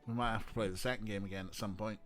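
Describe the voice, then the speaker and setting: A man's voice: lowish voice, fairly even intonation, very fast, a bit bright, soft background music. A man streaming an adventure game, making joking asides and laughing at the dialogue. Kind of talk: casual let's play commentary.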